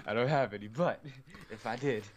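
A man co-hosting a casual chat, swearing freely and breaking into laughter as he spins his story. His voice sits in an ordinary middle register, and his delivery is animated and loose. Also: medium pitch, brisk, very noisy. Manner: animated, profane, laughs often through the telling. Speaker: co-host.

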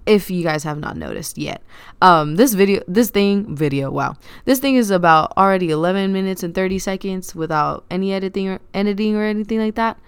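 A young adult woman hosting her own podcast, telling rambling stories in a chatty, animated way with lots of fillers. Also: mid-range voice, brisk, clear, resonant tone, no room sound. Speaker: podcast host. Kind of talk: casual storytelling monologue.

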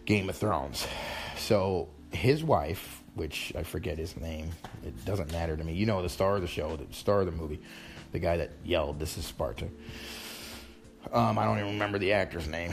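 Low-voiced guy ranting into the camera, rambly and exasperated, keeps restarting, faint music under him. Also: darkish tone. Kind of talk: casual ranting monologue.

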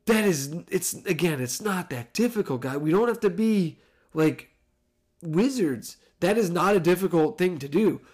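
A man, a father with young kids, giving a rambling, animated solo commentary on a football game and correcting himself as he goes. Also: high-pitched, moderate pace, husky. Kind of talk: casual solo sports commentary.

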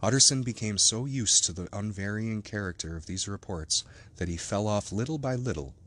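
A man reading a classic novel aloud as an audiobook narrator, in measured, even scripted narration. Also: lowish voice.

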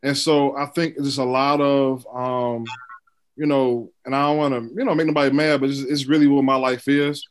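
A man's voice: mid-range voice, level tone, normal speed. A man comedian in a panel discussion, speaking hesitantly with many fillers.

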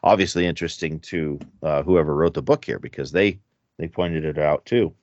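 A man's voice: a bass voice, normal speed, darkish tone, no echo, dull audio. A man in a casual Bible study discussion, thinking aloud and hesitant, restarting his sentences often.

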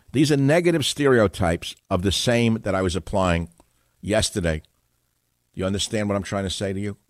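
An older man with a very deep voice, hosting talk radio in a dry, close-miked booth. His monologue turns combative and sarcastic, swinging from loud bursts down to low mutters. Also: dry recording. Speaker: radio talk show host.

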